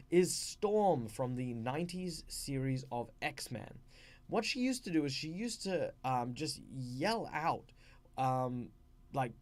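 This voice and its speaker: An Australian man explains tabletop role-play tips in a loose, conversational way. His pitch sits in the middle range, and he often stops to restart his sentences. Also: darkish tone. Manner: rambling, with frequent fillers and restarts. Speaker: channel host.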